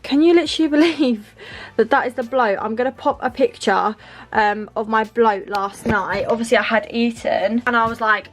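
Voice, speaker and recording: A young woman from the UK talks to her camera in a loose, rambling vlog style. She is short of breath, pausing to catch it between phrases, and her voice sits a little on the high side. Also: fairly bright tone. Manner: chatty, rambling, many "like"s and "um"s. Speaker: vlogger. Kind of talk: casual vlog chat to camera.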